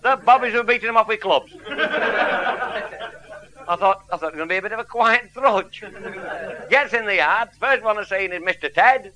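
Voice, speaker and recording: A man's voice: high voice, moderate pace, pauses often, sharp tone, slight background noise, poor audio. Blunt man spinning a yarn. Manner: blunt, earthy and wry. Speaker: storyteller. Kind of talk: comic anecdote before a live audience.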